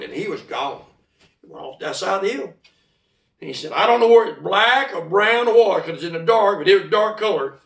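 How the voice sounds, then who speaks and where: A man from South Carolina telling a story in a folksy, animated way, acting out the voices of the people in it. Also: high-pitched, vocal fry, echoey room, distant mic. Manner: folksy, animated, acts out voices in quoted speech. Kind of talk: casual oral storytelling.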